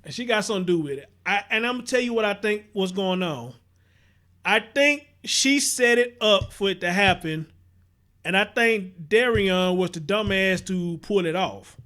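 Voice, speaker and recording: Houston livestream host, high-voiced man, blunt and profane, repeats points, greets chatters. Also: normal speed, sharp tone. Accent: Southern US, Houston. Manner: blunt, profane, repeats himself, reads viewer comments aloud. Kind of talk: casual livestream commentary.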